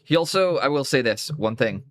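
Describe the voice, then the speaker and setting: A man's voice: mid-range voice, expressive, normal speed, a bit bright, no room sound, clean studio sound. Rambling Canadian man chatting on stream. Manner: rambling, self-correcting, easygoing. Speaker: streamer painting miniatures. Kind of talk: casual live-stream chat.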